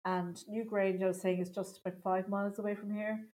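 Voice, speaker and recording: A middle-aged Irish woman, a stand-up comedian chatting in an interview, self-mocking and quick to laugh. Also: medium pitch, level tone, a little mellow, rough recording. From Ireland. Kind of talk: casual interview chat.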